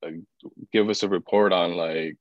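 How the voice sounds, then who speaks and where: Male podcast guest, low voice, casual storyteller who voices the people in his story; dull, dry recording. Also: moderate pace, no room sound. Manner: expressive, acts out other people's words; filler-heavy, frequent "like".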